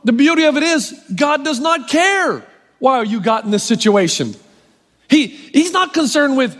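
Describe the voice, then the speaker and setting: A man pastor preaching a sermon with wry, self-mocking humor, slowing down to stress key phrases. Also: very high-pitched, expressive, fairly bright tone. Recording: long hall reverb.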